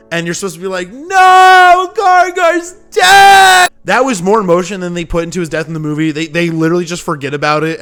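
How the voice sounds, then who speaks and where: A young man reviewing a film in an exasperated, sarcastic rant, with loud shouting outbursts. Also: on the high side, clean tone. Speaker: video reviewer. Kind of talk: ranting commentary.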